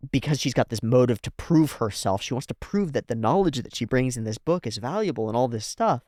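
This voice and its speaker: An excitable man gives casual reaction commentary on an anime episode, rambling through his thoughts with plenty of fillers and frequent laughter. He often jumps into loud, high-pitched exclamations. His voice is mid-range and sounds dry and close. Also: no room sound. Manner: rambling, thinks aloud with fillers.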